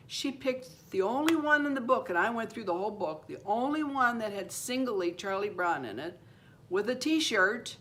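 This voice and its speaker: A woman's voice: expressive, moderate pace, fairly bright tone. A woman in her seventies telling a personal story in a casual, rambling way, restarting and repeating phrases and acting out the voices of the people she quotes. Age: 70s. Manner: acts out quoted voices, rising high for a child. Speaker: channel host.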